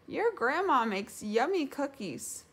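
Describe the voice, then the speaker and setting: A woman's voice: high voice, very animated, slow pace, pitched above the performer's own voice, heavily acted. A woman voicing a small, timid young piglet who stammers nervously in a storybook read-aloud. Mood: anxious.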